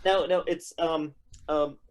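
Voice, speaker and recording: A man's voice: a little high, steady tone, takes it slowly. A man with a German accent, a podcast guest chatting casually, telling stories with laughter and sometimes searching for words. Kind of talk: casual chat.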